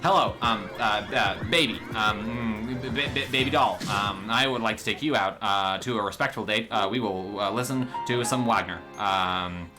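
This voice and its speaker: A man's voice: lowish voice, music in the background, natural voice. A man putting on a mocking voice of an awkward, nerdy man stammering through asking a woman out. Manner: halting, stammering, full of ums.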